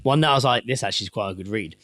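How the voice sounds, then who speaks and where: A man co-hosting a casual podcast chat, making deadpan jokes and swearing freely. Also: on the low side, racing, no echo, studio quality. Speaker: podcast co-host.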